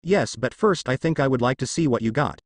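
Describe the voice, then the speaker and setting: A man voicing a bold, bossy teenage girl ninja who runs a weapon shop, raised higher than his own voice and teasing. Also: expressive, brisk, dry recording.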